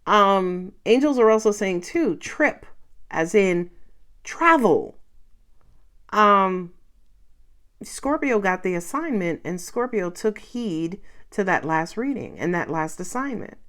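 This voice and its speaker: Excitable, animated woman reading tarot. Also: medium pitch, slow. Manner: excitable, chatty, swears freely, laughs often. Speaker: tarot reader. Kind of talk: casual tarot reading to camera. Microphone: camera.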